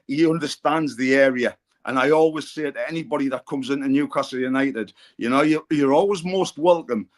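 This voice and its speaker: A man's voice: mid-range voice, a little fast, hardly any pauses. Rambling Geordie man telling stories. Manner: rambling anecdotal storyteller, frequent fillers and restarts. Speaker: pundit on a football fan podcast. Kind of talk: casual chat.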